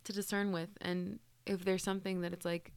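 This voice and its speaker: A woman's voice: medium pitch, flat delivery, fairly quick, creaky, smooth, no echo. A woman co-hosting a casual faith podcast, speaking in an earnest, reflective way. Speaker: podcast co-host.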